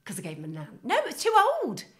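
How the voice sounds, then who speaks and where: Chatty woman, lower voice. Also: wildly swooping pitch. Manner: chatty, storytelling, quick to laugh. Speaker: podcast co-host. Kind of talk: casual chat.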